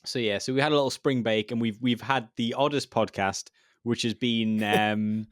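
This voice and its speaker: A man's voice: medium pitch, steady tone, normal speed, no room sound, clean studio sound. A man co-hosting a casual podcast, joking and bantering with his guest. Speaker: podcast co-host.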